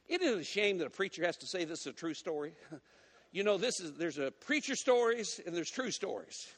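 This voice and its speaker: A man preaching a sermon as a guest, folksy and animated as he tells stories and teases the congregation. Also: high-pitched, big-room sound. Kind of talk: sermon with storytelling. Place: church sanctuary.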